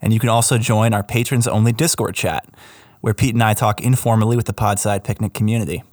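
A man's voice: fairly low pitch, fairly even intonation, fast, darkish tone. A man hosting a podcast in a casual, chatty way. He is enthusiastic and self-deprecating, and often restarts his sentences. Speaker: podcast host.

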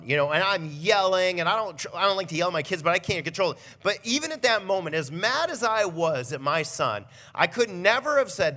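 Bright-voiced animated young pastor, man. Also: sits high, moderate pace. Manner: animated storytelling, builds to near shouting. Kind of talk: conversational Christmas Eve message.

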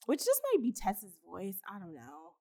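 A woman's voice: medium pitch, huge pitch swings, normal speed, dark tone. A young woman chatting casually about a film as podcast co-host, laughing often, swearing and using lots of fillers. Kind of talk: casual film review chat.

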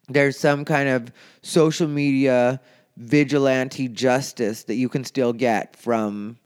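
A man talking casually and candidly on his own show, rambling from thought to thought and getting animated, tired and yawning. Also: mid-range voice, clear, resonant tone. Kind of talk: casual solo talk.

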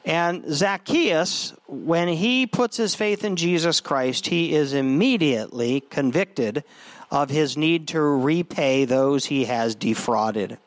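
A man's voice: a little high, slow pace, no echo. A man preaching a sermon in a conversational way, often restarting his phrases. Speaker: pastor.

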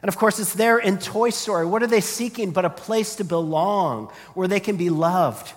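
A man with a fairly high voice delivers an earnest sermon, circling back with repeated words as he presses his point. His voice rings out with a long reverb, as if in a large hall. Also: moderate pace. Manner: earnest, repeats words when starting sentences. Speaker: preacher.

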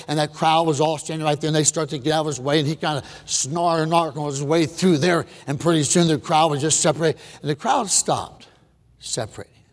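Dramatic preacher in a reverberant hall. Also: male voice, a little high. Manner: dramatic, swings from shouting to hushed, asks the crowd questions. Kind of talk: sermon storytelling.

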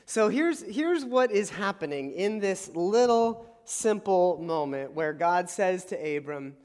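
A male pastor delivers a sermon in a casual, storytelling way, slipping into quick acted-out dialogue. His voice sits high for a man. The sound carries a long reverb from a large church hall. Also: sing-song, darkish tone. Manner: conversational storytelling, acts out dialogue. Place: church sanctuary.

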